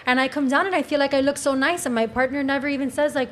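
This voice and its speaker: A woman's voice: high-pitched, fast, few pauses. A woman with a Cuban accent, a panel guest speaking openly and earnestly in casual talk. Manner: open, candid, earnest.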